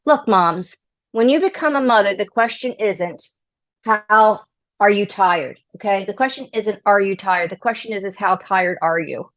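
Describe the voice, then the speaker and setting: A middle-aged woman speaks as a podcast guest, offering parenting advice with emphatic, animated delivery. She acts out the lines she quotes. Her voice sits at a medium pitch. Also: normal speed. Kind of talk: casual advice interview.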